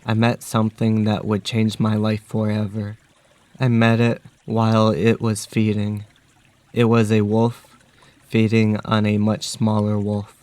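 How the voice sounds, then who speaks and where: Man narrating a dark story flatly. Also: on the low side, a little slow. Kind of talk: first-person story narration.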